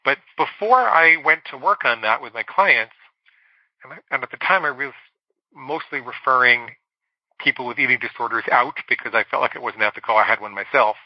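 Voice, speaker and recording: A middle-aged man, a psychologist guest on a podcast, telling a candid personal story and slowing down on words he wants to stress. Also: mid-range voice, no echo, muffled recording. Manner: candid, confessional storytelling with slow emphatic stretches.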